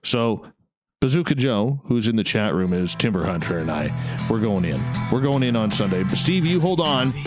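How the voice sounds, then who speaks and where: Chatty low-voiced radio host man. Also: very animated, normal speed, music in the background. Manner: chatty, rambling, self-mocking. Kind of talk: casual late-night radio interview.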